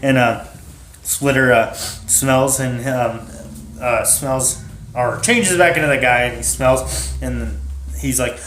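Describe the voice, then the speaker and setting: A man's voice: mid-range voice, slow, fairly bright tone, slight background noise. Storyteller, male, rambling improv narration, echoey room. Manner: rambling, giggly, many fillers. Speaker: podcast storyteller. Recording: roomy echo.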